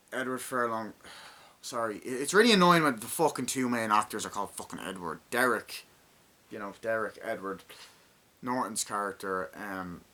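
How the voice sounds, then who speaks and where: A man's voice: medium pitch, pushed and bright. A young man in his twenties giving a rambling, profanity-heavy casual movie review and acting out lines from the film. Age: 20s.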